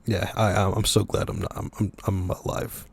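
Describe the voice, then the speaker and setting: A man co-hosting a casual podcast over a call, an animated storyteller who laughs often. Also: sits low, normal speed, gravelly, breathy edge, dry recording. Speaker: podcast co-host.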